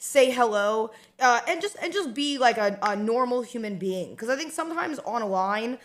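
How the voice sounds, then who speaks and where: Woman streamer just yapping away, kinda high voice, loads of likes and you-knows. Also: expressive, moderate pace. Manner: rambling and chatty, many fillers and restarts. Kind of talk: casual chat.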